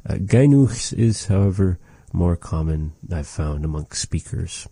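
A male language teacher talks in a deep, mellow voice, slowly and patiently explaining each word and repeating it. The sound is dry and close, with no room around it. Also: expressive, gravelly, breathy edge, dry recording. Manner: slow, patient, repeats words after recordings. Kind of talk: language lesson.

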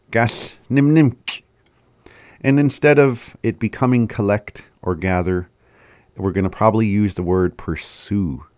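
Deep-voiced man teaching slowly. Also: darkish tone, no room sound. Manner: repeats words slowly syllable by syllable, laughs often at himself. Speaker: language teacher. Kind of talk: casual language lesson.

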